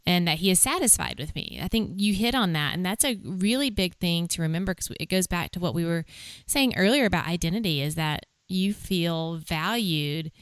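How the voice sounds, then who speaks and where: A woman hosting a faith podcast from her kitchen table, speaking in a calm, reflective, measured way. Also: lowish voice, clear, resonant tone, dry recording, studio quality. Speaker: podcast host.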